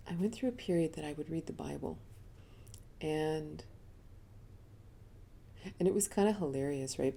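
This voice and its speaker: Middle-aged woman, low voice, spiritual talk, candid storyteller, laughs often. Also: creaky, warm tone, slight background noise. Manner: candid, chatty, laughs often while telling stories. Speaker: spiritual teacher giving a live talk. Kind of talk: personal storytelling in a live online talk.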